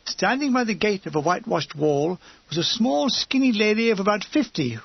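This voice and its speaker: Gravelly, high-voiced male audiobook narrator. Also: big pitch swings, normal speed, dry recording, muffled recording. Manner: wry, descriptive storytelling. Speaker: audiobook reader. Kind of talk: audiobook narration of a comic war memoir.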